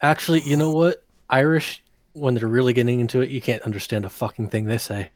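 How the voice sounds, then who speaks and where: A man chatting casually with friends, blunt and animated, swearing freely. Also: medium pitch, fast talker, no echo. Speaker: chat participant. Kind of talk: casual chat.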